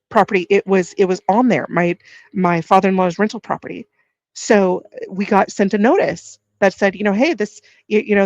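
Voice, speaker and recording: A woman's voice: mid-range voice, vocal fry, no room sound, highs cut off. A middle-aged woman telling a story in casual livestream chat, acting out what people said, with frequent restarts. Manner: animated, acts out quoted dialogue with repeated restarts.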